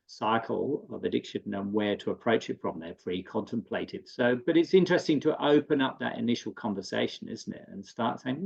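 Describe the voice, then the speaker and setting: Man, GP, relaxed and chatty, gravelly, muffled lo-fi call audio. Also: medium pitch, moderate pace, few pauses. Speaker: general practitioner. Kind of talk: webinar panel discussion.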